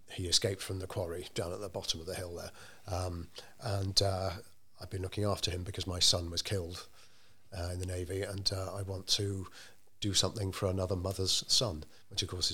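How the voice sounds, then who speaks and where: A man telling a story in an interview, measured and unhurried, with frequent ums and restarts. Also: sits low, bright, forceful tone, slightly rough. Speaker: interviewee telling local history. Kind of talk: conversational storytelling.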